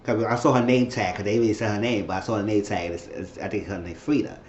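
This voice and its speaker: A man's voice: fairly low pitch, steady tone, quick pace, a little mellow, slight background noise. A man reviewing a TV episode on his channel in a casual, loose and rambling way, with restarts. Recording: roomy, slightly dull home recording.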